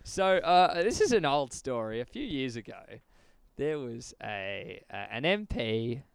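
A man's voice: mid-range voice, sing-song, a little slow, vocal fry, smooth, dry recording. A man hosting a casual podcast, telling a story with lots of swearing and laughter. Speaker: podcast host.

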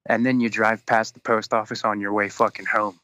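A man telling a long story in casual chat, animated and swearing constantly as he acts out both sides of an argument. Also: on the low side, fairly quick, no room sound. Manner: animated, heavy swearing, quotes people in exasperated retellings.

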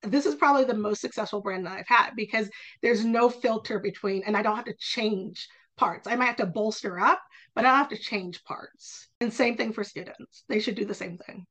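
A woman speaking as a college admissions tutor in a casual podcast conversation, talking passionately in quick bursts. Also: medium pitch, fairly bright tone.

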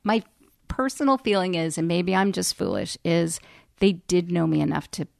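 A woman in her forties speaks in a fairly low voice, candid and chatty, often pausing on ums. She is a radio personality recounting events as a guest in an interview, close to the mic in a dry, dead room. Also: lively intonation, creaky, no room sound. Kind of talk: candid storytelling in a podcast interview.

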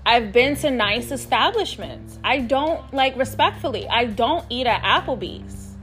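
This podcast host, a New York City woman, tells a personal story in an animated, fairly bright, somewhat high voice, a little slowly, over faint music. Frank and profane, she speaks emphatically and addresses her audience as "y'all."

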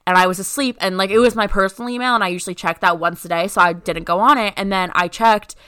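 A woman's voice: mid-range voice, quick pace, a bit bright, smooth, no echo. A young woman co-hosting a podcast, telling a story in casual chat and filling it with "like". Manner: rambling, heavy use of "like". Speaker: podcast co-host.

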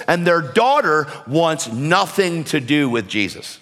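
A man preaching a storytelling sermon, animated and breaking into shouts when he exhorts. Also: fairly high pitch, a little slow, faint music behind. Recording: reverberant hall.

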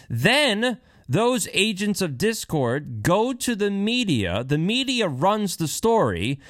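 A man's voice: a little high, big pitch swings, a little slow, fairly bright tone, dry recording, studio quality. A man giving heated, sarcastic political commentary while reading and remarking on news.

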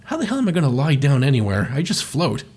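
A man's voice: mid-range voice, huge pitch swings, darkish tone, slightly rough, full character voice. A man voicing a cranky, foul-mouthed cartoon ghost, talking in an exasperated rush. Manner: exasperated, swearing, rushed.

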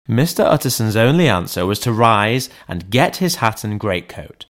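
A man narrating an audiobook in a measured, deliberate reading voice. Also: fairly low pitch, sing-song, a bit bright. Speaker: audiobook reader. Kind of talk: scripted narration.

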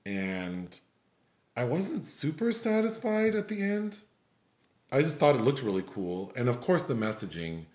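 A man's voice: mid-range voice, sing-song, unhurried, a little mellow. A man giving a rambling, filler-heavy critique of a film in casual chat. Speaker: film reviewer. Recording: roomy echo.

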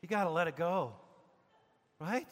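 A man preaching a sermon as pastor, emphatic, dropping to a hush and rising to loud peaks. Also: on the high side, animated, unhurried. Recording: long reverb of a large hall.

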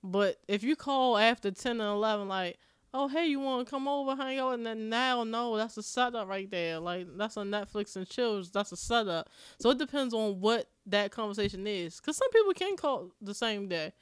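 A woman's voice: medium pitch, expressive, normal speed, clear, resonant tone, dry recording, studio quality. A young woman from Maryland co-hosting a podcast, chatting casually and bluntly, telling stories and cursing freely. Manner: blunt, storytelling, curses freely. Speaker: podcast co-host. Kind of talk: casual chat.

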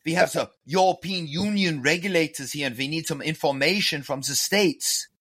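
A man's voice: fairly high pitch, normal speed, fairly bright tone, slightly rough, pitched above the performer's own voice. A man putting on a fake German accent as an invented executive on a phone call. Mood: official.

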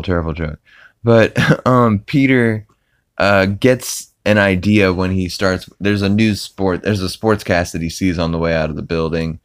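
A man with a very low voice hosts a podcast and rambles through an episode recap. He stacks up fillers and chuckles as he goes. The sound is dry and close, with no room around it. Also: smooth, no room sound. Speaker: podcast host.

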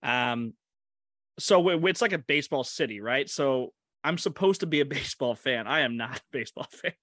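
A man's voice: medium pitch, lively intonation, moderate pace, a bit bright, no echo, studio quality. A man co-hosting a casual movie podcast, chatty and hesitant, often restarting his sentences and laughing. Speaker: podcast co-host. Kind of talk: casual movie-discussion chat.

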